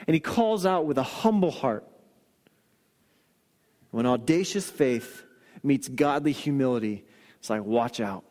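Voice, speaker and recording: A man preaching a sermon as a pastor, telling stories and dropping to soft, earnest emphasis on key lines. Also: medium pitch, expressive, unhurried, long pauses, long reverb tail. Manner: storytelling, shifts into quoted voices and soft emphatic lines.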